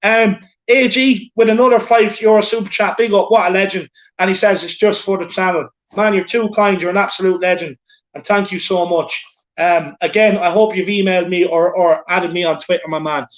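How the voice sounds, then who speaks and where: A man with an Irish accent hosts a casual live stream, reading out viewers' super chats in a chatty, repetitive way and calling people "my man" and "lad." His voice is high with fairly even intonation and a slightly fast pace, and the phone recording sounds dull.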